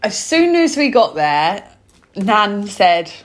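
A woman's voice: medium pitch, very animated, takes it slowly. A young woman chats in a teasing, giggly way and drops dry quips. Her voice moves up and down a lot as she talks. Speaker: co-host. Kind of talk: casual chat.

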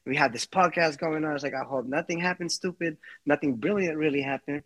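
A man's voice: fairly high pitch, quick pace, fairly bright tone. A man hosting a casual podcast who rambles, repeats himself and swears freely. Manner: rambling, repetitive, profane. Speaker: podcast host.

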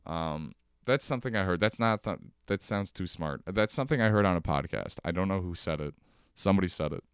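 A young man talks alone into his podcast mic from his couch, ranting in a sarcastic, profane comic way. His voice sits a little low and comes through very smooth and clean. The sound is close and dry, with no room around it. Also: animated, fairly quick, no room sound. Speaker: podcast host. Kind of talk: solo comedic podcast rant. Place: at home on a couch.

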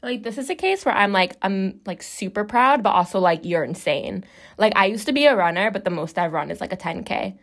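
A woman's voice: medium pitch, lively intonation, brisk. A young adult woman co-hosting a casual podcast with her sister, blunt and laughing, swearing freely. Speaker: podcast co-host. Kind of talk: casual chat. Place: bathroom floor at home.

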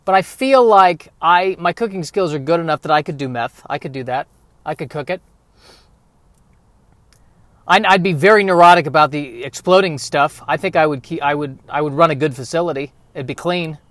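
A man's voice: on the high side, moderate pace, fairly bright tone, no room sound. A man in his thirties hosting a podcast, rambling through a self-deprecating comedic monologue. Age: 30s. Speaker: podcast host.

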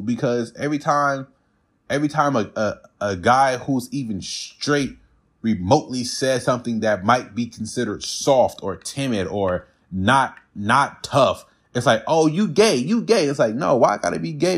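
A man's voice: medium pitch, moderate pace, slightly rough. A man ranting bluntly and profanely in a casual monologue, mocking others with put-on quotes.

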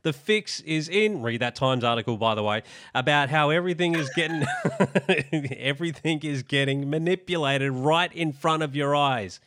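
An Australian man hosting a podcast, measured and wry, reading headlines aloud. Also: a little high, a bit bright. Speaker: podcast host. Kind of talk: casual podcast commentary.

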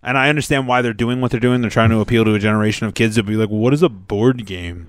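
Podcast host guy, gets excited, swears a bunch, dry sound, mid voice. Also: mid-range voice, rapid-fire, clear, resonant tone, no room sound. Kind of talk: casual chat.

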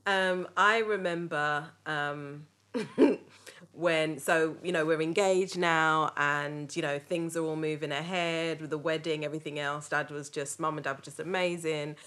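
A woman hosting a podcast, telling family stories in a lively, laughing way. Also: low voice, measured pace. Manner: lively, laughing, animated retelling. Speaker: podcast host. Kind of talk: casual storytelling chat.

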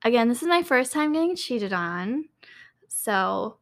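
Telling a story on a podcast she co-hosts, a woman chats casually, leaning heavily on fillers like "like" and "um" and swearing freely. Her voice is a little high and sing-song, and she speaks a little slowly.

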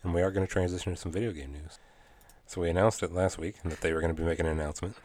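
A man's voice: deep voice, steady tone, rapid-fire, darkish tone. A man co-hosting a casual gaming podcast, reading news items and chatting with laughs. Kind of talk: casual chat.

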